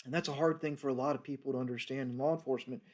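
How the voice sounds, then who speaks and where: A man's voice: mid-range voice, fairly even intonation, rapid-fire, darkish tone. A man, a former federal agent, telling a story from his working days in a loose, rambling way, with many fillers and restarts. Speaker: retired federal fisheries agent telling stories. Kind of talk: casual storytelling monologue.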